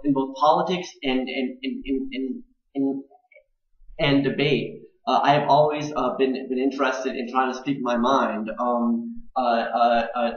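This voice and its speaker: A young man in his twenties speaks in a personal video blog, stuttering often and repeating words and syllables. His delivery is earnest and grows more intense as he goes on. The sound is echoey and dull, like a home recording in a bare room. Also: medium pitch. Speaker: video blogger.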